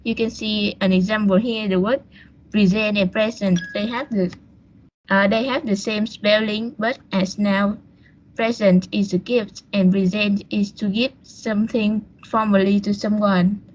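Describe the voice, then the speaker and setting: A woman's voice: medium pitch, fairly even intonation, normal speed, low-quality recording. A young woman, presenting a class lesson on a video call, hesitant with fillers and restarts. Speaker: student presenter.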